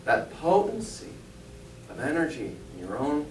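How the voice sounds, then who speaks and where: Chatty pastor guy giving a sermon, voice a bit high, kinda far from the mic in a roomy church. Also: big pitch swings, moderate pace. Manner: chatty, joking, asks the congregation rhetorical questions. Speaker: spiritualist pastor and medium. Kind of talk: conversational sermon. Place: church hall. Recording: echoey church, mic far off, faint rumble.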